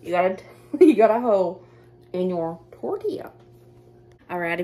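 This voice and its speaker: A woman with a Southern American accent chatting casually through a cooking demonstration in her home kitchen. She is self-deprecating and quick to laugh. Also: fairly low pitch, dark tone. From Southern United States. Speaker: cooking vlogger.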